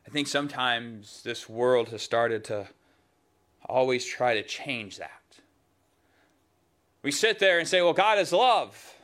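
A man preaching a sermon in a conversational, emphatic way, dropping suddenly to soft, low asides. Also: animated, slow, pauses often.

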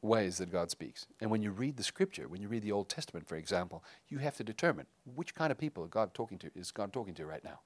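A man's voice: fairly low pitch, expressive, quick pace, few pauses, no room sound. A middle-aged man, a pastor, preaching a sermon in a conversational way, with fillers and restarts.

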